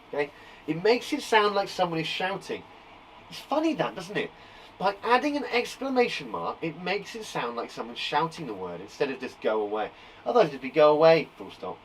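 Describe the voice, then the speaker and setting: Lively high-voiced male teacher. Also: moderate pace, recorded from a distance, slight background noise, poor audio. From England. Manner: animated, exclaiming examples with big jumps in loudness. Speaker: primary school teacher. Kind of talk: live online lesson for young children. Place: garden shed classroom.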